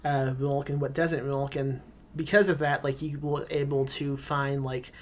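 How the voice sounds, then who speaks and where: A man's voice: mid-range voice, little pitch movement, measured pace. A man being interviewed as a screenwriter guest on a podcast, talking casually in long rambling answers full of filler words and offhand swearing.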